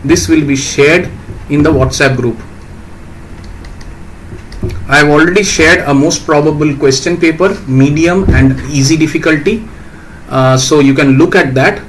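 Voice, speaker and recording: A man's voice: on the high side, normal speed, a little hiss or hum, poor audio. A man, teaching programming in a live stream and patiently answering viewer questions. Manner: explains patiently, reads out questions, asks "right?".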